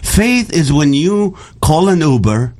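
A middle-aged man from the Middle East chatting casually, telling animated jokey stories with laughter. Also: fairly high pitch, slow. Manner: animated storytelling with jokes and laughter. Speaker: guest comedian. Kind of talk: casual chat.

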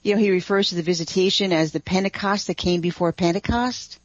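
A woman guest on a radio talk show, eager and animated, talking as a writer and researcher. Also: fairly low pitch, fairly quick, dry recording, lo-fi sound. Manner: eager, animated, laughs easily. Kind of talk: radio interview chat.

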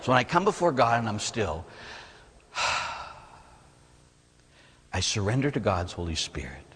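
Male priest, sermon, lively swooping delivery, husky voice, long church reverb. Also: medium pitch, slow pace. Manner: animated, conversational preaching with rhetorical questions and playful asides. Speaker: Catholic priest.

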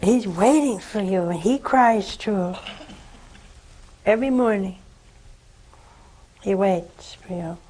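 Slow, tender older woman preaching. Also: mid-range voice, dark tone, poor audio. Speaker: nun hosting a call-in show. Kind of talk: religious call-in talk.

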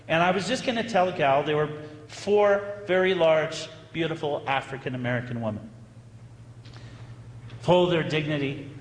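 A priest telling a story in a sermon, animated and anecdotal, with dramatic pauses. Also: male voice, a little high, a little hiss or hum. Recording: echoey hall with long reverb.

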